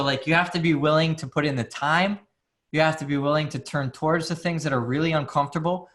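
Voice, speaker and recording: A man's voice: fairly high pitch, a bit bright. A man, a psychologist, speaking as a guest in a candid, casual conversation full of fillers and restarts.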